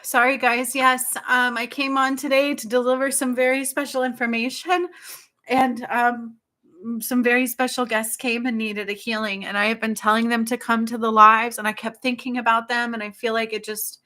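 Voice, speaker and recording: Bright-voiced emotional woman healer. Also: fairly high pitch, level tone, moderate pace. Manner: soft, tender and tearful, with frequent apologies and laughs. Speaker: spiritual healer hosting a livestream. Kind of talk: emotional livestream talk.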